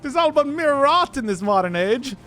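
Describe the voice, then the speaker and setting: A man voicing a pompous old-timey gentleman displaced from time, with theatrical, archaic phrasing. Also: extremely high pitch, sing-song, normal speed, soft background music, voice pushed up, exaggerated voice.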